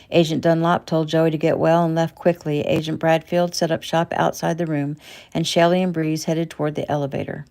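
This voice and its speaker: Woman reading her own book out loud, gravelly, low voice, casual. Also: flat delivery. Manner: plain, unhurried reading. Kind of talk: casual audiobook narration.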